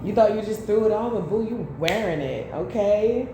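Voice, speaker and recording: A woman with a mid-range voice, lively intonation and a moderate pace gives a casual tarot reading. She's blunt and profane and drifts into chatty personal stories. The room is very echoey, with faint background noise.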